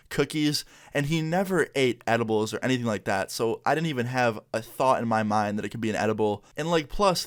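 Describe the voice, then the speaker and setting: A young man casually telling a story in a laid-back, slangy way, full of "like" and "you know.". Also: medium pitch. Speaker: vlogger.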